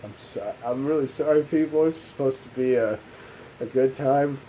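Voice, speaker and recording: A young man with a mellow, darkish voice tells a painful memory from his own life. He talks haltingly and restarts often, and his voice sinks low as he fights back tears. A faint hiss of noise sits under the recording. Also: fairly even intonation, rough recording. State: emotional, holding back tears. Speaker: gaming channel host. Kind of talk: emotional personal storytelling.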